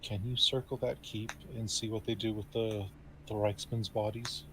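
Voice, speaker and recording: A man playing a female soldier, speaking quietly and low as she coaxes a dazed comrade along. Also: fairly even intonation, a little fast, a little hiss or hum, close to an everyday voice, rough recording. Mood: whispering.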